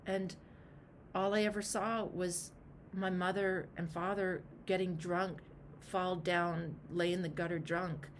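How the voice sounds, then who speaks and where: A woman voicing her own inner alcoholic, a pained, ashamed part of herself that speaks haltingly and turns tearful. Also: lowish voice, little pitch movement, slight background noise. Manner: halting, hurt, then tearful and apologetic.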